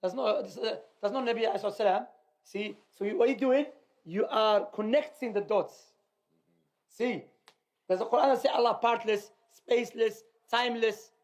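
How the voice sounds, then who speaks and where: A male teacher gives emphatic commentary on a class reading. He repeats his points and asks rhetorical questions. His voice is notably high for a man. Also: fairly quick. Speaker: teacher leading a religious class.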